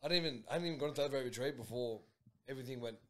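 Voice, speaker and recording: A man's voice: mid-range voice, very fast. A young Australian man, a podcast co-host, telling a story in casual, slangy talk and acting out his own reactions.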